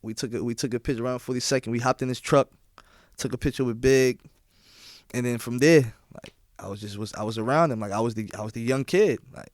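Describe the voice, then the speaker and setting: A man's voice: mid-range voice, quick pace, no room sound, studio quality. A young man, a DJ being interviewed on a podcast, telling stories in casual slang and often asking "you feel what I'm saying?". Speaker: guest DJ.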